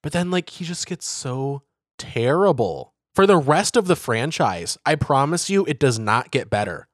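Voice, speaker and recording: Casual male talker, animated riffing, dry close sound, mid pitch. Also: no echo. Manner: animated, riffing with quick put-on voices. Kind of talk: casual podcast chat.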